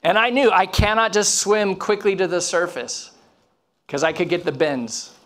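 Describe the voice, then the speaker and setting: A man preaching a sermon, telling a story with animation, acting out the people in it and dropping to a hush at times. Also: high voice, normal speed. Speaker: pastor. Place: church.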